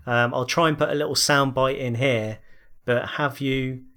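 A man's voice: medium pitch, fairly even intonation, moderate pace, sharp tone. A man hosting a casual podcast, asking questions and teasing his co-host. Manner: asks questions, teases, reads out quotes. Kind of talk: casual chat.

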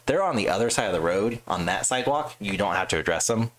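A man and Air Force veteran telling stories in casual podcast chat, profane and animated, jumping high in pitch when he quotes others. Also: fast, a little hiss or hum.

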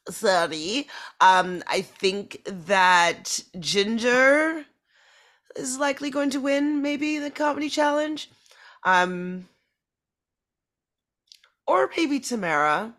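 A woman's voice: on the high side, slow, pauses often, a bit bright. A woman guest on a podcast, chatting casually, giggly and hedging. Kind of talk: casual chat.

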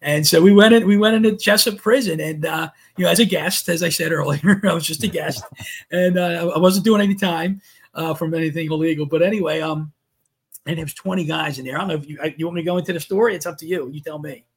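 A man telling an animated personal story as a podcast guest, voicing his own past thoughts as he goes. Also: a little high, fast talker, husky.

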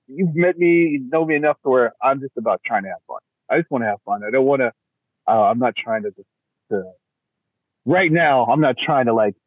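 A middle-aged man talks as a podcast guest, his voice thin and boxed-in as if coming through a phone line. He is animated and laughs easily, jumping into playful voices to act things out. The sound is dry, with no room around it. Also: mid-range voice, breathy edge, no echo. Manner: animated, laughs often, acts out quotes in voices. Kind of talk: casual chat.

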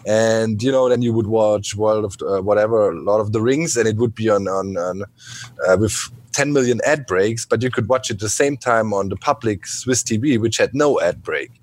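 Husky low guy from germany, rambly chat, kinda exasperated, lots of "you know". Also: normal speed. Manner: rambling, mildly exasperated opinions with frequent fillers. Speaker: podcast panelist. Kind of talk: casual chat.

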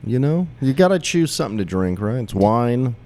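A man in casual chat about his brewery, halting and repeating words as he starts his thoughts. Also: medium pitch, big pitch swings, darkish tone. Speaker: brewery co-owner.

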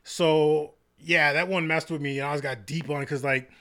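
Laid-back rambling man, slightly high voice. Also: fairly even intonation, brisk, fairly bright tone. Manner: laid-back, rambling, laughs often, quotes cartoon lines in a high put-on voice. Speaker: podcast co-host. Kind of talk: casual chat.

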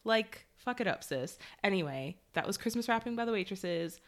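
A woman co-hosts a casual podcast conversation in a breezy, joking way and swears offhandedly. Her voice sits at a middle pitch for a woman. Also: lively intonation, normal speed. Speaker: podcast co-host. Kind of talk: casual chat.

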